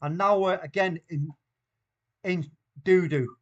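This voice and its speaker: Excitable Mancunian man hosting a watchalong. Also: high voice, slow, highs cut off. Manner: excitable, reacts loudly to play. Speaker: watchalong host. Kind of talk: live football watchalong commentary.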